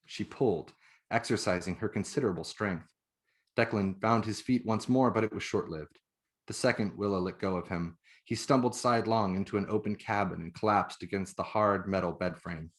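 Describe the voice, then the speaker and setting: A man, the author, reading his own novel aloud in measured, even narration. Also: on the low side.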